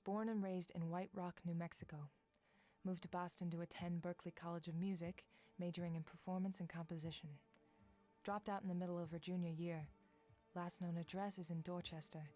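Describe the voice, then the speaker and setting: An actress voicing a determined female FBI agent in a video game, speaking in a measured, matter-of-fact way. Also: on the low side, flat delivery, warm tone, soft background music, lightly acted. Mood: steady. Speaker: game protagonist. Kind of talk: voiced game dialogue and narration.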